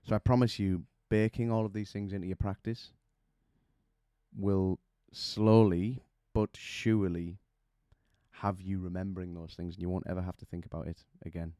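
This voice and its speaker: Man, vocal coach; deep smooth voice, dry close sound, teaching with vivid imagery. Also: steady tone, normal speed, warm tone, dry recording. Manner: explains with images and rhetorical questions. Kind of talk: vocal technique lesson.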